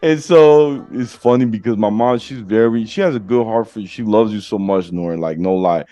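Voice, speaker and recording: A man's voice: lowish voice, moderate pace, dark tone, no echo, dull audio. A man hosting a podcast, talking casually and slangily, often adding "you know what I'm saying". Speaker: podcast host. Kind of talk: casual chat.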